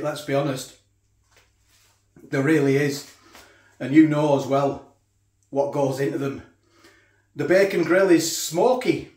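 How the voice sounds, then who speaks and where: A man's voice: on the high side, a little mellow. Chatty man in echoey kitchen. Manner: chatty, talks while eating. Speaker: food vlogger. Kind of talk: casual food review.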